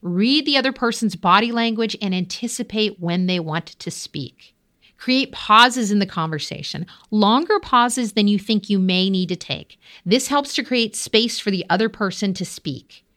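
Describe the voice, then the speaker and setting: A woman talks straight to her listener, coaching leaders through a solo podcast episode. Her voice sits at an ordinary middle pitch. She is direct and encouraging, now and then calling the listener her friend. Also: normal speed, few pauses, a bit bright. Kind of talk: solo podcast advice talk.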